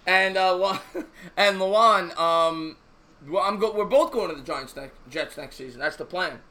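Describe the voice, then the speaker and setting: A man's voice: high-pitched, moderate pace, bright, forceful tone. A man co-hosting a casual live sports talk stream, telling a rambling joke and reading out viewer messages. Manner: rambling, repeats himself, tells jokes.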